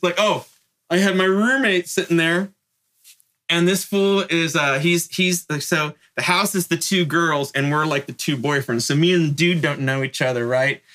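A man from Northern California tells his story in a bright, slightly high voice. He speaks in rough street slang and loose, animated asides, and he keeps checking in with "right?" as he goes. He sounds like a middle-aged interview guest spinning a yarn. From North Bay, California.

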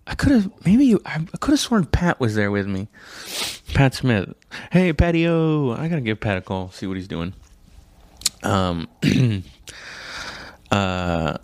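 A man, an immigrant to the United States, telling a rambling, profane, self-mocking comedy story and acting out quotes in a high voice. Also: darkish tone, no room sound. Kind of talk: casual storytelling stand-up.

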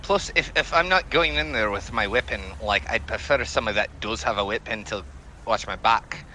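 A man's voice: fairly low pitch, fairly quick, bright, forceful tone, slight background noise, poor audio. A man playing a tabletop game, talking in a hesitant, rambling way full of fillers. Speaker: player. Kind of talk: tabletop role-play chat.

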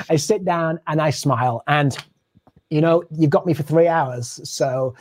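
A man with a somewhat high voice tells a story about his work as a touring drummer. He speaks in a loose, conversational way and mimics the people he quotes as he goes. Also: measured pace, a little hiss or hum. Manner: animated, acts out the people he quotes. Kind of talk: casual storytelling in an interview.

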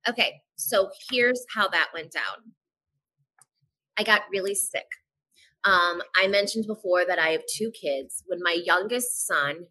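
Woman on a podcast, bright clear voice, candid and animated, swears now and then, does little voices for people. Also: lowish voice, low-quality recording. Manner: animated, acts out dialogue in quick voices; frank, swears casually. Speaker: podcast guest. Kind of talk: candid personal storytelling in a casual podcast chat.

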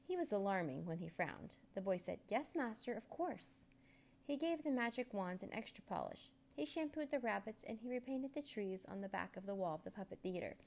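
A woman reads a children's storybook aloud at a measured pace. Her delivery is expressive, and her mid-pitched voice has a noticeable gravelly fry. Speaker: narrator.

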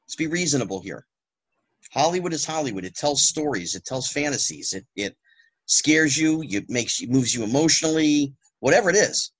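A man talking as a podcast guest, animated and rhetorical with exasperated asides. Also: fairly high pitch, normal speed, husky. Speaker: guest, former child actor. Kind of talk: casual podcast conversation.

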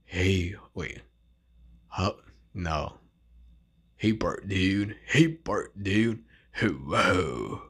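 A man voicing a slacker petty crook from a cartoon, in a lazy drawl pitched below his own voice. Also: expressive, extremely slow, long pauses, fairly bright tone, slightly rough, full character voice. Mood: sneering.

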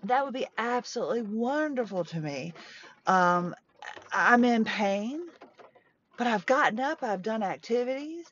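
A woman's voice: on the high side, expressive, measured pace, fairly bright tone, a little hiss or hum. Rambling woman talking from a parked truck. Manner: rambling, chatty, with frequent restarts and small laughs. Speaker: podcast host. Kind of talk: casual monologue. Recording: dull lo-fi sound.

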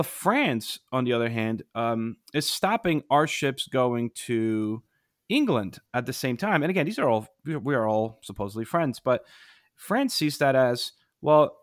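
A man co-hosting a history podcast, telling the story in a casual, animated way with many asides. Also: medium pitch, no room sound, studio quality. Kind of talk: casual explanatory chat.

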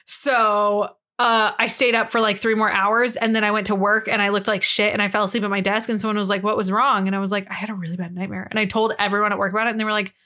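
A young woman co-hosting a podcast, telling a story in an animated, casual way, swearing freely and acting out the quotes. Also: mid-range voice, fast talker, few pauses. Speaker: podcast co-host.

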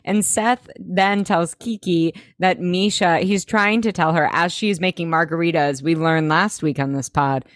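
A woman co-hosting a podcast, recapping episodes in casual chat and acting out characters in quick impressions. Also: fairly low pitch, dry recording, studio quality. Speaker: podcast co-host. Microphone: close studio mic.

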